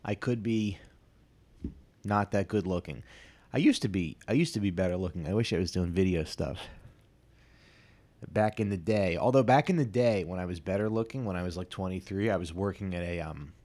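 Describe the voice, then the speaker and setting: A man's voice: sits low, normal speed, darkish tone. A man in his thirties hosting a casual solo podcast, telling rambling, self-deprecating stories full of asides and restarts. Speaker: podcast host.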